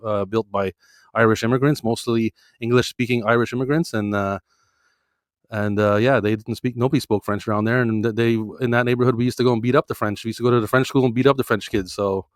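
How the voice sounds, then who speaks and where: A man's voice: mid-range voice, steady tone, fast, dry recording, studio quality. A man, a guest in a casual interview, rambling and blunt, swearing freely. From Montreal, Canada.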